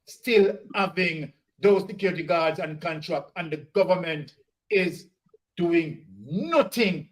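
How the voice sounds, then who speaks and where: High-voiced man stressing points. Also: expressive, slow. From Jamaica. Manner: emphatic, repeating points for stress. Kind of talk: casual political discussion.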